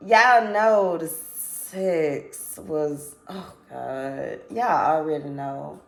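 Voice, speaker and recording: Woman vlogger, low-pitched and slow, candid rambling storytime delivery with cursing. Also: gravelly. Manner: candid, rambling, swears, apologizes and restarts. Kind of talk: casual storytime monologue.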